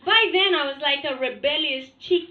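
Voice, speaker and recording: A woman's voice: high-pitched, moderate pace, reverberant, phone-quality sound, very noisy. A woman from Russia with a Russian accent doing a crude, blunt stand-up comedy set on a club stage. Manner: blunt, crude, deadpan with frequent laughs.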